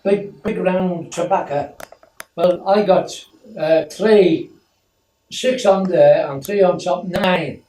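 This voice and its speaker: Older guy rambling old stories, highish voice, echoey room, mic far off. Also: slow pace, dark tone, slight background noise. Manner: rambling anecdotal storytelling, acts out voices. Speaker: grandfather telling stories. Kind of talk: casual family chat.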